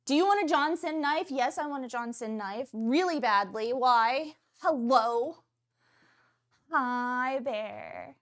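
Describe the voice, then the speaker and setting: A woman hosting a casual cooking livestream from her kitchen, chatting in an animated, talkative way with sudden excited outbursts. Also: high-pitched, slow. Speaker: cooking stream host.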